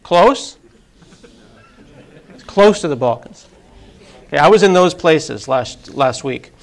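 A man's voice: on the high side, animated, slow, gravelly. A man in his forties with a sniffly cold, giving a self-deprecating, chatty live tech talk to an audience in a meeting room. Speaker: tech presenter. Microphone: handheld mic.

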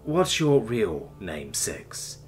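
A man voicing a calm, patient male interrogator who questions mildly and evenly. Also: lowish voice, drawn-out words, faint music behind, exaggerated voice. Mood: calm probing. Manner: mild, even, coaxing questioning.

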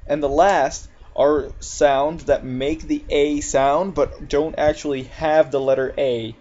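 A man gives an English pronunciation lesson at a very unhurried pace, stretching out each example word with care. The recording sounds a little dull and lo-fi. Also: a little high, mellow. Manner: slow, deliberate, drawn-out example words. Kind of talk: recorded video lecture.

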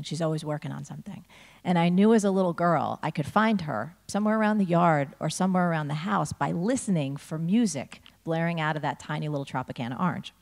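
A woman from New Jersey giving a motivational talk to a school audience, telling stories and acting out the dialogue. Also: low-pitched. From New Jersey, USA. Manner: animated storyteller, acts out dialogue. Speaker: speaker addressing a school audience. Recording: long reverb of a large hall.

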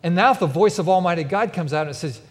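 A man preaching with vivid, emphatic storytelling, his voice sitting a little high for a man. The sound carries a long reverb from a big church hall with a mezzanine. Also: fast. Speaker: pastor. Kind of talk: sermon.

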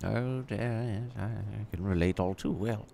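A man's voice: lowish voice, normal speed, creaky, warm tone, slight background noise, pitched below the performer's own voice. A man voicing a fussy, prim old woman of sixty-nine who calls everyone darling and scolds rude manners. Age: 60s.

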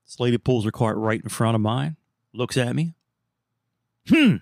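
A man's voice: medium pitch, brisk, gravelly, darkish tone, no room sound, clean studio sound. A man hosting a podcast, telling casual, rambling anecdotes in a laid-back, chatty way. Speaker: podcast host. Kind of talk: casual storytelling monologue.

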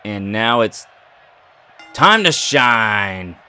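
A man's voice: fairly low pitch, very animated, very slow, bright, forceful tone, soft background music. Joking man doing gameplay commentary. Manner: playful, jokey, talks back to the game characters. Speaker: gaming YouTuber.

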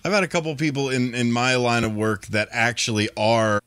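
A man's voice: mid-range voice, fairly even intonation, brisk, a bit bright, smooth, dry recording. A man co-hosting a sports talk show, telling stories in casual chat with frequent restarts and playful impressions. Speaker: co-host.

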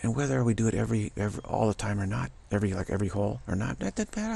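Low gravelly guy rambling thru a spiritual pep talk, lots of restarts. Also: animated, mellow. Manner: rambling and repetitive, with halting restarts. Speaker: spiritual vlogger.

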